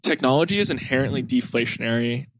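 A man's voice: medium pitch, quick pace, no room sound. A man in his late twenties, host of a podcast, telling stories in a casual family chat with lots of "like" fillers. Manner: rambling, heavy on "like" fillers, animated storytelling.

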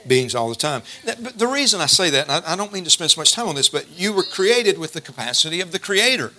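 A middle-aged male preacher delivers a folksy sermon, full of homespun stories. His voice is bright and sharp, sitting a little high for a man. He slows right down whenever he reads scripture. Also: big pitch swings.

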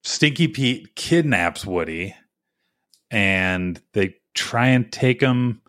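Low-voiced man rambling, jokey. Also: animated, a bit bright, dry recording, studio quality. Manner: rambling, halting with lots of ums; self-mocking, jokey. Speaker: podcast co-host. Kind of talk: casual chat.

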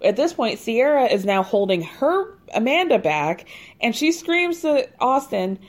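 A woman hosting a podcast who gives a casual, chatty recap, telling the story in an animated way, swearing freely and laughing at her own asides. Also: fairly high pitch, unhurried. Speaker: podcast host recapping a reality show.

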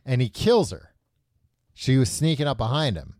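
A man hosting a podcast casually retells a book's plot, tossing in loose, offhand quoted voices during this relaxed book discussion. His mid-range voice is darkish with big pitch swings at normal speed. The studio-quality recording has no room sound.

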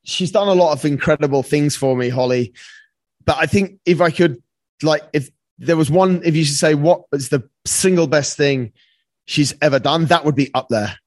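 A man's voice: on the high side, normal speed, a little mellow, no room sound. A man telling a personal story as a podcast guest, earnest and casual, often saying "mate" and swearing freely.

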